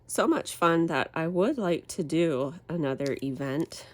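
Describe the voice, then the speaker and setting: A low-pitched woman talks in a slow, unhurried way as she chats while crafting. A cold leaves her voice stuffy and nasal. She rambles and restarts her sentences in a relaxed manner. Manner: rambling, relaxed, self-correcting. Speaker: crafting channel host. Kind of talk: casual chat while crafting.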